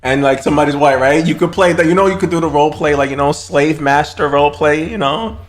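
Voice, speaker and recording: A man's voice: fairly high pitch, fast talker. A man co-hosting a reaction video, joking and laughing in casual chat. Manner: joking, laughing, loose and playful. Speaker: reaction channel co-host. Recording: noisy background.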